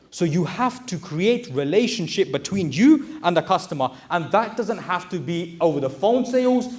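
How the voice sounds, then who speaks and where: High-voiced man giving a blunt pep talk. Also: darkish tone. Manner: direct, exhorting, addresses audience as brothers. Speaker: motivational speaker and recruitment business owner. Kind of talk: motivational talk to a live audience.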